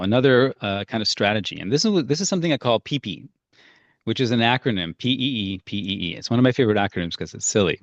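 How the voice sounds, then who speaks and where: A man's voice: medium pitch, no room sound. Man teaching in a dry, dull recording. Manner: conversational, storytelling, frequent fillers and restarts. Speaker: parenting workshop leader. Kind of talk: casual workshop teaching.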